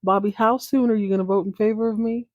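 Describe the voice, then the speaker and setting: A woman voicing a loud, stubborn old oil baron father who demands loyalty, on a dry recording. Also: medium pitch, steady tone, fast talker, no echo, phone-quality sound, pitched above the performer's own voice, natural voice. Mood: demanding. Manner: blustering, demanding.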